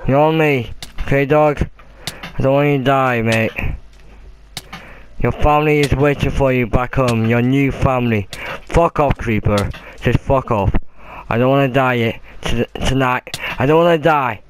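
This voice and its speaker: A man's voice: mid-range voice, normal speed, a little hiss or hum. A young Welsh man giving casual, swear-heavy commentary on his game and chatting to his in-game pets. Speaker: gaming commentator.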